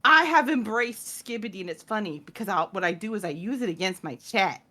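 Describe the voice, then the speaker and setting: A woman's voice: mid-range voice, a little fast. A woman in her thirties, a podcast guest chatting casually and acting out the people in her stories. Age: 30s. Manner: animated storyteller, acts out quotes. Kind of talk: casual chat.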